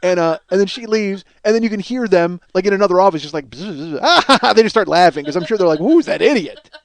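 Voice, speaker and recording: A man in his forties, a podcast host telling a comedic story in a casual, animated way, swearing and laughing along. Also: high voice, fast. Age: 40s.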